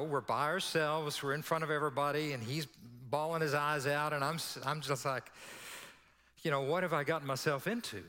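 Man, pastor, sermon storytelling, bright forceful tone, slightly high voice. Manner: animated storyteller acting out dialogue. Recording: long hall reverb.

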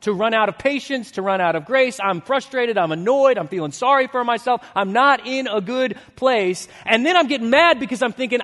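A pastor in his thirties preaching a sermon. He tells a story with lively energy, then drops to a hushed, earnest tone. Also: very high-pitched, fairly quick, hardly any pauses. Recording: long hall reverb.

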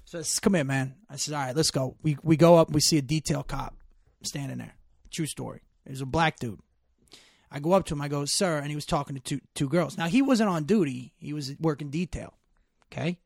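A man with a gravelly, fry-heavy voice tells emphatic stories laced with profanity. He sits slightly high in pitch, and the sound is dry and close, with no room echo. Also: fairly quick, darkish tone. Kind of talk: casual storytelling chat.

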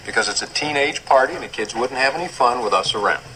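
A man's voice: mid-range voice, animated, fast talker, sharp tone, low-quality recording. An actor playing a wry father figure in an old sitcom, teasing in a dry way. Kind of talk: sitcom acting. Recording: hissy old TV audio.

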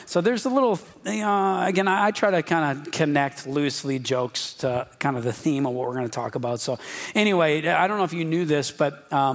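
A male pastor delivers a sermon with a touch of humor. His voice sits a little high for a man. He keeps it casual and speaks directly to the people in front of him. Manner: informal, joking, addresses the congregation directly.

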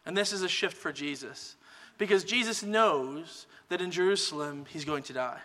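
A man preaching a sermon as pastor, in a relaxed conversational teaching manner. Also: fairly high pitch, normal speed, long reverb tail. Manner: relaxed conversational teaching, many "kind of" hedges.

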